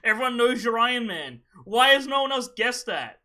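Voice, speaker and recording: Young man, podcast host, high voice, very bright, profane, mocking, laughs a lot. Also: big pitch swings, normal speed. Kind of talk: casual gaming podcast chat.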